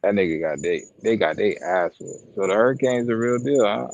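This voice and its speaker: In a fairly low, gravelly voice at a brisk pace, this podcast co-host and sideline broadcaster spins a long profane story during casual chat. The recording is dry, and he acts out quotes with animated energy.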